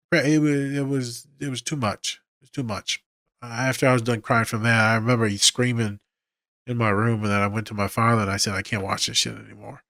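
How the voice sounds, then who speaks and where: A man's voice: mid-range voice, a bit bright, dry recording, clean studio sound. A man hosting a podcast as a therapist, retelling film scenes emotionally with quoted lines and swearing. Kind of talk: casual film breakdown.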